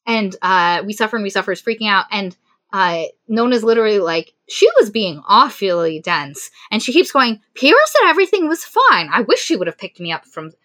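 A woman casually recapping a novel's plot as a podcast co-host, animated and acting out the characters' lines. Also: mid-range voice, brisk, no echo. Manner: animated retelling with quoted voices. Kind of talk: casual chat.

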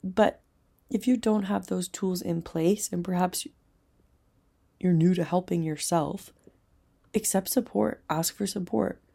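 A young woman hosting a self-help talk, earnest and rambling, sometimes dropping into soft whispers. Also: on the low side, fairly even intonation, unhurried, creaky, slightly rough. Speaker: self-help podcast host. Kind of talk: casual motivational talk.

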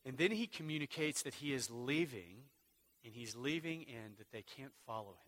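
A man preaching a sermon as pastor, swinging from hushed, slow lines to loud, emphatic ones. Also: mid-range voice, expressive.

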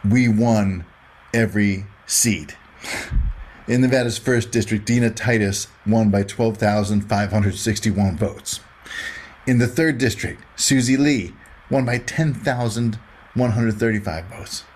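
A man's voice: lowish voice, a little slow, darkish tone. A man hosting a workshop who reads a scripted recap, then gets emotional and enthusiastic while introducing a guest. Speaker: moderator and host.

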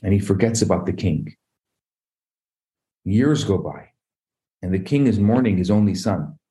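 A man, a rabbi, telling a parable in an animated sermon, acting out the voices of its characters. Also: sits low, measured pace. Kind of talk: storytelling sermon.

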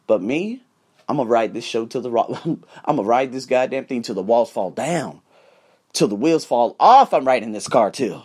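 A man's voice: animated, moderate pace, a little mellow, husky. Fired-up, emphatic American man host. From United States. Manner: high-energy, emphatic, profane. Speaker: podcast host. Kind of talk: motivational monologue.

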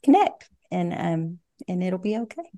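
An older woman, a parenting coach, giving reflective, measured answers in a podcast interview, often saying "you know". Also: on the low side, big pitch swings, warm tone.

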